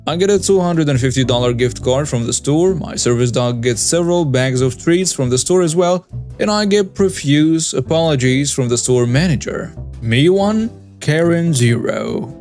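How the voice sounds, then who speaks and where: A man narrating first-person stories as the host of a story channel, reading in a steady scripted way. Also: on the high side, moderate pace, faint music behind.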